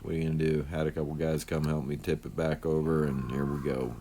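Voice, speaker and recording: A man's voice: extremely low pitch, little pitch movement, quick pace, noisy background. A man giving casual voice-over commentary as a channel host, rambling and laid-back with lots of fillers.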